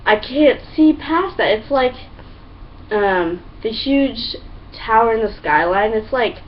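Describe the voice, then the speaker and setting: A young woman talking to camera in a casual, excitable, chatty way, full of fillers and acted-out quotes. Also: mid-range voice, distant mic. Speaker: vlogger. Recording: dull lo-fi sound, a bit off-mic, faint hum.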